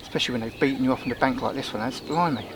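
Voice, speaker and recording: A man's voice: medium pitch, very fast. A man talking casually to camera on a lakeside bank, out of breath and chatty, calling his viewers guys. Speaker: fishing vlogger. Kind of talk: casual outdoor vlog talk to camera. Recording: outdoor camera mic with background noise.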